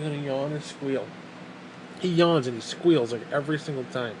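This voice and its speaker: A man's voice: medium pitch, moderate pace, a little mellow, a little hiss or hum. A man vlogging a casual rant to the camera, crude, profane and exasperated.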